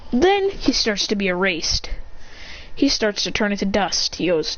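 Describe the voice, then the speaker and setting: A woman excitedly retelling an imagined anime battle, rambling and breathless, with shouted sound effects. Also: fairly high pitch, normal speed. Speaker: storyteller. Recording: dull lo-fi sound with faint hiss.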